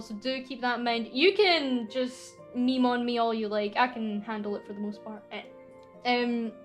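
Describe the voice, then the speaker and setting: A young Scottish woman streaming a casual, teasing Q&A with her chat, playful and quick to giggle. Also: fairly high pitch, a bit bright. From Scotland. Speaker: VTuber streamer.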